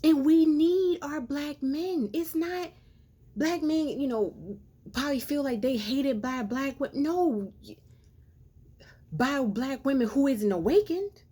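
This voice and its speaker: Slow, earnest woman preaching a message. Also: high voice, warm tone. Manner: earnest and preachy, repeated rhetorical questions. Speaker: social commentator. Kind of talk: impassioned monologue to camera.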